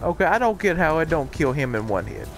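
A gamer giving casual commentary over gameplay, excitable and trash-talking at the game. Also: medium pitch, a little fast. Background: game music and sound effects.

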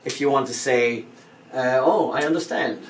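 A man's voice: mid-range voice, normal speed, far from the mic. A man giving an informal language lesson, who explains patiently, repeats each phrase and spells out words letter by letter. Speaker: language teacher. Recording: echoey room, voice from off-mic, faint background hum.

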